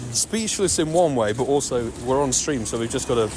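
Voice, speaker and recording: A man giving excitable, nonstop live-stream commentary while walking outdoors and playing a mobile game. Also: mid-range voice, a little fast. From United Kingdom. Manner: chatty, excitable running commentary, talking nonstop like a radio DJ. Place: outdoors on city streets. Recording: loud street noise with passing traffic.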